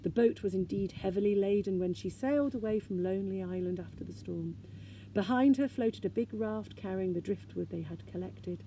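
A woman teacher reading a children's storybook aloud in a gentle, expressive way. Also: mid-range voice, normal speed, slight background noise.

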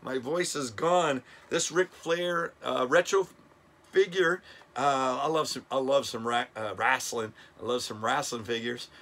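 Hosting his toy review channel's casual countdown vlog, this middle-aged man talks at an unhurried pace in a medium-pitched, fairly bright voice. His delivery is chatty and eager, with frequent stumbles over names.

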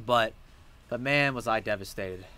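A man co-hosting a casual gaming chat while he plays, telling stories in an animated way and swearing freely. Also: lowish voice, normal speed. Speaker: co-host of a game challenge series.

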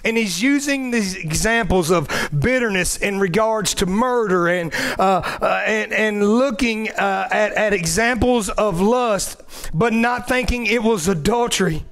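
A man's voice: high voice, a little slow, a bit bright. A middle-aged male pastor preaching a conversational sermon, often checking in with "right?".

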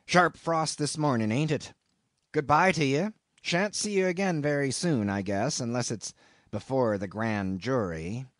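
A man's voice: medium pitch, no room sound, clean studio sound, close to an everyday voice. A man doing a cracked, cryptic old sailor. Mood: cryptic, ominous. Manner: slow, wondering, halting speech.

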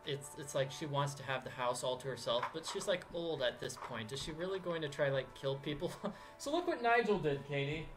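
A man's voice: a little high, expressive, a little fast, few pauses, over music. A man hosting a let's play, chatting casually while playing an adventure game. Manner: chatty, chuckling, rambling. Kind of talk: casual gameplay commentary.

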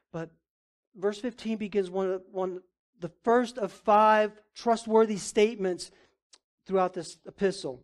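A man preaching a sermon as pastor, emphatic, with casual asides, swinging from loud and urgent down to low and quiet. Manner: emphatic, rising to near-shouting then dropping low.

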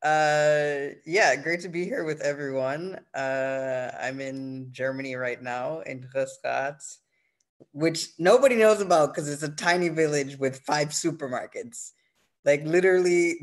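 A choreographer and dancer introducing themselves on an online artist panel, relaxed and lightly humorous, over a video call. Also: medium pitch.

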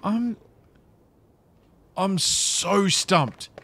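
A man's voice: high voice, drawn-out words, creaky, fairly bright tone. A man giving casual, flustered commentary while playing a video game, chatting to the creatures on screen.

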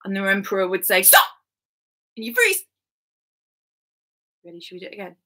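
A woman's voice: medium pitch, sing-song, fast talker, bright, forceful tone. A woman at home leading an interactive children's story time, coaxing and talking straight to the kids.

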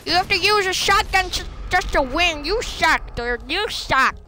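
A gamer doing a squeaky bratty troll cop. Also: lively intonation, unhurried, pushed and bright, slight background noise, exaggerated voice. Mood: taunting. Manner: taunting, mocking, repetitive insults. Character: squeaky bratty self-proclaimed old policeman. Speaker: online game troller. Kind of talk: trolling in game voice chat.

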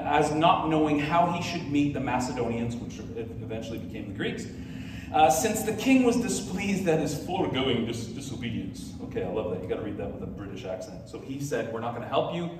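A male pastor with a fairly high voice tells a story in a lively, animated way, adding many asides for his congregation. His voice booms around a large, reverberant sanctuary and is picked up from a distance, with faint room ambience underneath. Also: brisk, background noise. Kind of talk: sermon. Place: church sanctuary. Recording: echoey hall from far off.

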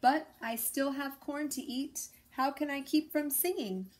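A plucky storybook rooster, stubborn and cheerful, with a high, bright, sing-song voice, as a woman reading puts him on. He answers every threat with calm defiance, at an unhurried pace. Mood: defiant cheer.

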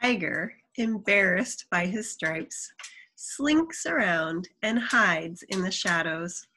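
A woman's voice: medium pitch, animated, slow pace, sharp tone, slight background noise, poor audio. A woman reading a children's folk tale aloud, adding chatty asides to the listener. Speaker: storyteller.

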